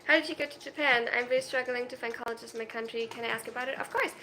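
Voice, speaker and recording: A woman's voice: fairly high pitch, fairly even intonation, very fast, bright, forceful tone, a little hiss or hum. A 22-year-old woman from Germany, live-streaming at home and reading viewer comments aloud. She talks in a shy, self-conscious way, with hesitant restarts and nervous laughs.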